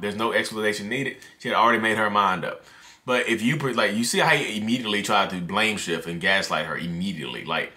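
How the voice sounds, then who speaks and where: A man talks straight to his viewers in a loose, rambling monologue, often calling them y'all. His voice is low-pitched but bright and forceful. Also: expressive, fairly quick. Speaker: vlogger talking about narcissism. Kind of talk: casual monologue to camera.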